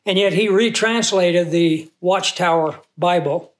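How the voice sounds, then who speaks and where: A man preaching a Bible teaching sermon in a conversational way, asking the audience questions and reading scripture slowly with emphasis. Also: high-pitched. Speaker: pastor.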